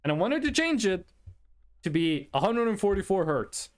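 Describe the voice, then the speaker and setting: A man's voice: high voice, moderate pace. A young man from Norway, chatting casually on a livestream and rambling through anecdotes. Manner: rambling storyteller, chatty and animated. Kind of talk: casual chat with chat.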